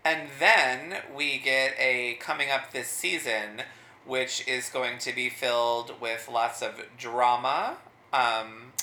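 A woman's voice: very deep voice, steady tone, slow pace, pushed and bright. A woman co-hosting a podcast, making wry, blunt asides in casual chat. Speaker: podcast co-host. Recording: roomy with faint music.

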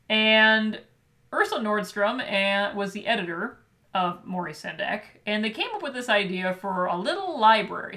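Bright-voiced, chatty woman co-host. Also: a little high. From Michigan. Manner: chatty, animated, laughs often. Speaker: podcast co-host. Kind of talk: casual chat about a picture book.

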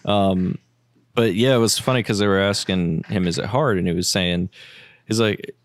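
Laid-back low-voiced man, dry sound. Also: normal speed, no echo. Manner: laid-back, laughs often, swears casually. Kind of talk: casual chat.

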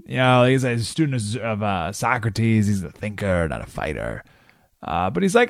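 A man hosting a radio talk show, telling a history story in a casual, lively way and acting out the people's lines. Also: medium pitch, a little fast, no room sound, clean studio sound. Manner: casual, animated storytelling, acting out quotes in voices. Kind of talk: radio monologue retelling history.

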